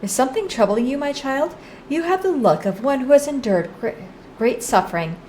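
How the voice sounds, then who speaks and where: A woman reading aloud the lines of a gentle male priest from a game, in a solemn, formal manner over faint music. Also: sits high, animated, brisk, a little hiss or hum. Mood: kindly.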